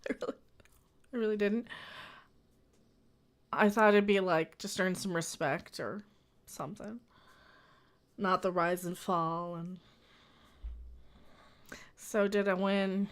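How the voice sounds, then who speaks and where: A woman hosts a late-night livestream from home with a smooth, clear voice of middling pitch. She rambles in a playful, cheeky way, breaking off mid-thought and restarting her sentences. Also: measured pace, pauses often. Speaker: host of a late-night internet show. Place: home in Las Vegas.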